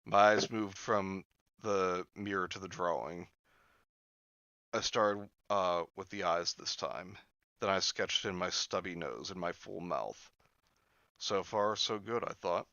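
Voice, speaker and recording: A man with a fairly low but bright, lively voice reads a horror story aloud and breaks off for jokey asides. The recording is dry and a little dull, like a lo-fi home mic. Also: takes it slowly, vocal fry, long pauses, no room sound. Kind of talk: storybook reading mixed with joking commentary.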